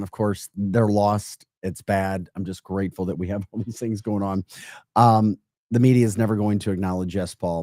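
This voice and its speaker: Podcast co-host guy, low mellow voice, upbeat and laughing a lot. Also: no echo, studio quality. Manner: upbeat, animated, laughs often. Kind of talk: casual political talk.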